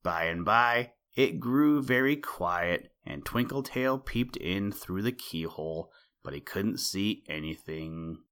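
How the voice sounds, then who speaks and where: A man reading a children's story aloud as the podcast host, gentle and unhurried, with rhyming asides. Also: low-pitched, lively intonation. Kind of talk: storybook read-aloud narration.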